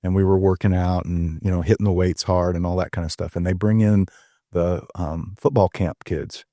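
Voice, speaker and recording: An older man talks in a deep, mellow voice. He tells stories earnestly and folksily, pausing on ums. The sound is dry and close. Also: fairly even intonation, dry recording. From Tennessee. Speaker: guest. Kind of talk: casual storytelling interview.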